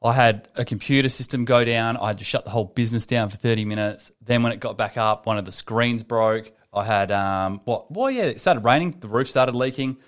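A young man co-hosting a podcast, telling animated stories and swearing freely. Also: mid-range voice, a little fast, few pauses. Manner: swears a lot, animated storytelling. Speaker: podcast co-host. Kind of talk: casual podcast chat.

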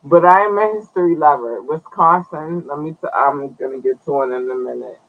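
A man with a slightly high voice talks at normal speed through phone-quality sound. Hosting a podcast, he gives casual live-stream news commentary, chatting loosely to viewers while swearing and drawing out words.

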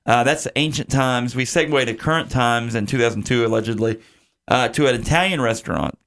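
A man's voice: medium pitch, brisk, fairly bright tone. A male podcast host casually recapping a bad movie, rambling with lots of fillers. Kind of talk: casual movie-review chat.

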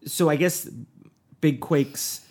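A man's voice: on the high side, steady tone, takes it slowly, darkish tone. A man hosting a podcast in casual chat, joking loosely with many fillers and trailing thoughts. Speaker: podcast host.

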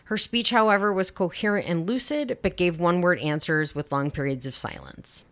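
At a moderate pace, a podcast host with a lowish, slightly bright voice relays a true-crime case. Her storytelling is casual and chatty, with sarcastic asides and swearing.

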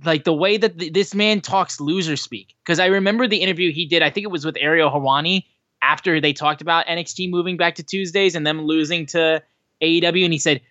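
A man's voice: a little high, steady tone, fast talker, sharp tone, no room sound, lo-fi sound. A man co-hosting a casual wrestling podcast, ranting in a heated, emphatic and profane way. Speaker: podcast co-host.

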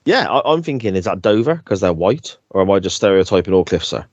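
A man's voice: low voice, sing-song, fast talker, a little mellow, dry recording, highs cut off. A man co-hosting a podcast, chatting casually and laughing easily, with frequent tag questions. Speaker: podcast co-host. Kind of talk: casual chat reviewing a TV episode.

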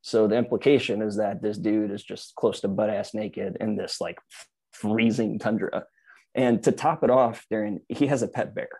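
A man's voice: on the low side, fairly even intonation, moderate pace, dark tone, slightly rough, no echo. A man chatting casually on a podcast, telling stories and explaining news with many fillers and restarts. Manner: rambling storyteller, many "like"s and restarts. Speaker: podcast co-host. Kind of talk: casual chat.

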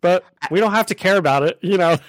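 A young man co-hosting a podcast, recapping a show in an excited, rambling way full of "like". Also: high voice, fast talker, no room sound. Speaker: podcast co-host. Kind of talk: casual chat.

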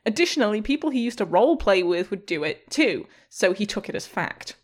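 A woman chatting on a podcast, reading a post aloud with a lively pitch that swings up and down. She swears freely and breaks into laughter often. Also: fairly quick. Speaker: podcast co-host. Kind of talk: casual chat, reading posts aloud.

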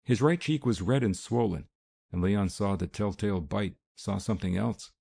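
A man reads a classic novel aloud in a steady, measured way. His voice is very deep and gravelly, with a dark, mellow tone. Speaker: audiobook narrator. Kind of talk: scripted narration.

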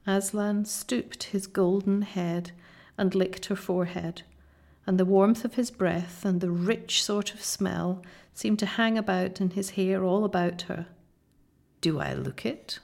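Woman narrator reading a classic children's story, unhurried, a creaky edge, soft delivery. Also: medium pitch, fairly even intonation. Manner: slow, soft storytelling, often near a whisper. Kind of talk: audiobook reading.

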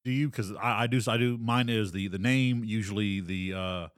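A low-voiced man with fairly even intonation co-hosts a podcast as game master, chatting casually and rambling with lots of fillers. He slips into quick character voices, and the studio sound is clean with no room sound.

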